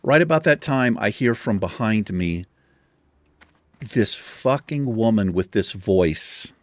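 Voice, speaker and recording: A man's voice: on the low side, expressive, slow pace, no room sound. A man hosting a gaming channel, telling a long anecdote casually with a lot of swearing. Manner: profane, exasperated anecdote telling. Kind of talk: casual storytelling over gameplay.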